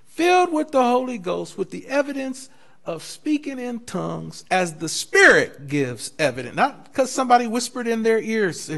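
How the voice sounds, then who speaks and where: A man, a pastor, teaching a Bible class in a lively preaching style, telling stories and acting out quoted voices. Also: sits high, moderate pace, gravelly. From United States. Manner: animated preaching with storytelling, laughing asides; acts out quoted voices in dialogue.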